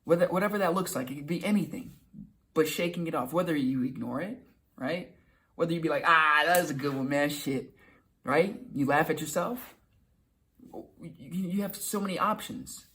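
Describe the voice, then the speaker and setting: A man's voice: fairly high pitch, bright, forceful tone. A young man giving casual motivational advice to camera, talking loosely and acting out little quoted exchanges. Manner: conversational, repeats himself, acts out quick quoted lines. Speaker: self-help video host.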